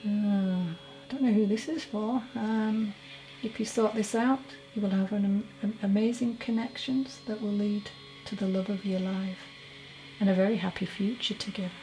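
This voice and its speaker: Woman, psychic medium, mellow dark tone, halting and self-correcting, faint music behind. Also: medium pitch, steady tone, poor audio. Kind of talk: solo mediumship reading.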